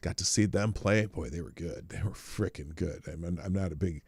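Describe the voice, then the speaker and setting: A man's voice: moderate pace, creaky, a little mellow, slightly rough, no echo. A middle-aged man from Omaha hosting a casual livestream, chatting in a rambling, offhand way and swearing now and then. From Omaha, Nebraska. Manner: rambling, chatty, swears casually, jumps between high and low pitch. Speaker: livestream host. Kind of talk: casual live-stream chat.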